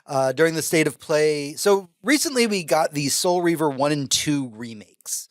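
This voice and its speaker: Male podcast co-host, excitable, curses a lot, slightly high voice, dry close sound. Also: moderate pace, dry recording. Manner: excitable, swears, talks in bursts. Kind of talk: casual chat.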